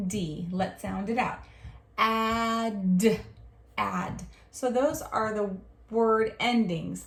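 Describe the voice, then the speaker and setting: Slow-paced teacher voice, roomy. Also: female voice, medium pitch, fairly bright tone. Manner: slow, drawn-out modelled reading with encouraging praise. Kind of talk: early reading lesson for young children. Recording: roomy echo.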